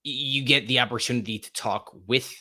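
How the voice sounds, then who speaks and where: A male podcast host talking alone in a bright, forceful voice. He is chatty and animated, circling back and restarting his sentences as he goes. His pitch sits in an ordinary middle range. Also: normal speed. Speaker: podcast host and sports writer. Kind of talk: solo sports podcast monologue.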